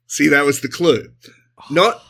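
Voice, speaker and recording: A man co-hosting a comedy podcast, improvising a silly story and dropping into quick character voices. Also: a little high, expressive, gravelly, pushed and bright, husky. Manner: playful, puts on voices mid-story. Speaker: podcast co-host.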